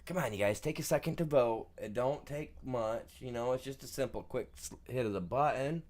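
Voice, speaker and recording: A man's voice: mid-range voice, brisk, a little mellow. A man streaming a farming game, chatting casually to viewers in a rambling, jokey way and saying "man" constantly. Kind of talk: casual gameplay commentary.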